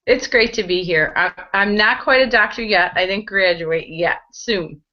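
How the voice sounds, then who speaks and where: A woman's voice: mid-range voice, moderate pace. A middle-aged woman from the United States, an interview guest and mother, speaking directly and earnestly. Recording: dull lo-fi audio.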